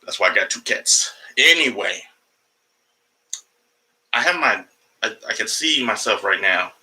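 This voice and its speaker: A male comedian streams from home and rambles through a loose, profane monologue, breaking off to scold his cat. His voice is sharp and forceful, with a lively pitch that jumps all over. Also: unhurried, low-quality recording. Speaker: comedian livestreaming. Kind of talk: casual livestream monologue.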